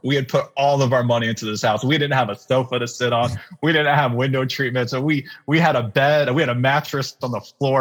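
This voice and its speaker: A man in his thirties, a pastor, telling a personal faith story in a relaxed interview and acting out the lines he quotes. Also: medium pitch. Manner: animated storyteller with fillers, acts out quoted lines. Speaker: pastor guest. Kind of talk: conversational storytelling in a podcast interview.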